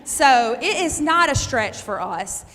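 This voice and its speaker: Introducing a keynote to a live audience, a physician with an Eastern North Carolina accent gives an enthusiastic speech in a large, reverberant hall. Her voice is high-pitched, bright, and forceful, very animated though slow in pace.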